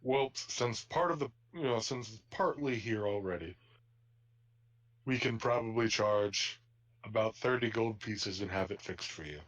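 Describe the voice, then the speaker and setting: A man voicing a calm, polite warforged robot blacksmith in a tabletop game. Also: lowish voice, normal speed, highs cut off. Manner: polite shopkeeper courtesy.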